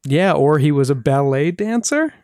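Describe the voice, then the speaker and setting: A podcast host telling a true-crime case in casual chat, with wry asides and filler pauses. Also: mid-range voice, lively intonation, darkish tone, slight background noise.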